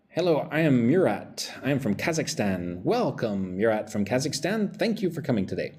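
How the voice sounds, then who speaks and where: A man's voice: mid-range voice, sing-song, moderate pace, hardly any pauses, darkish tone, a little hiss or hum. A man teaching English in a live online lesson, drilling short phrases by repeating them and greeting viewers from the chat.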